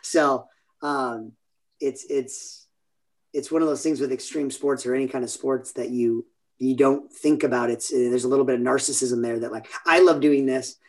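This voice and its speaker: A man's voice: medium pitch, steady tone, moderate pace, a little mellow. A man in his forties from California, telling stories in a rambling, self-interrupting way during a casual interview chat. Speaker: podcast guest.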